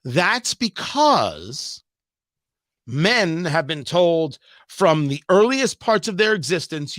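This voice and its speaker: Emphatic talk radio host, high bright voice. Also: male voice, sing-song, slow, dry recording, clean studio sound. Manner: emphatic, sarcastic, repetitive ranting with rhetorical questions. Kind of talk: political talk radio monologue.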